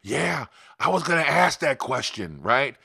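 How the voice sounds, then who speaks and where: A man's voice: medium pitch, big pitch swings, gravelly, sharp tone, husky, dry recording, studio quality. A man giving a casual motivational talk as a marketing coach, profane and emphatic, with frequent laughs and rhetorical questions. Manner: profane, emphatic, fast-shifting; laughs often, asks rhetorical "right?".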